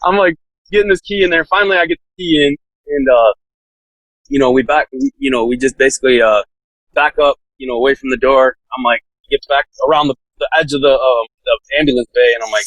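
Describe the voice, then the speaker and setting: A man's voice: medium pitch, a little fast, fairly bright tone, dry recording, low-quality recording. A man telling a story in a casual, laid-back way, full of "like" fillers and laughing now and then. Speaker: podcast guest, SWAT officer.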